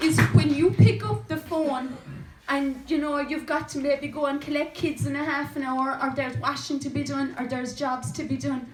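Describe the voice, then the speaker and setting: High-voiced irish woman at a meeting, earnest and fired up, heard from far off in a roomy hall with noise around. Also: steady tone, normal speed, few pauses. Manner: earnest, storytelling, rising to a rallying call. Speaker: campaigner speaking from the audience. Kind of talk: impassioned public meeting speech. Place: community hall with an audience.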